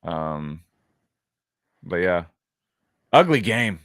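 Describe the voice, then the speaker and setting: A man's voice: sits low, very animated, extremely slow, a bit bright, dry recording, studio quality. A man co-hosting a sports podcast, musing wryly with lots of hesitations in casual chat. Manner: rambling, hesitant, wry. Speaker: podcast co-host.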